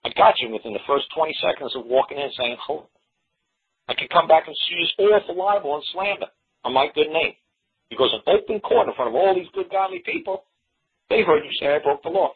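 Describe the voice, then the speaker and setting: A man with a very husky, low voice speaks fast as he recounts a court story, playing out both sides of the exchange. He repeats and restarts phrases as he goes. The sound is thin and tinny, like a phone call carried over radio. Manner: quotes courtroom exchanges in animated back-and-forth; repeats himself with frequent restarts. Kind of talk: storytelling monologue.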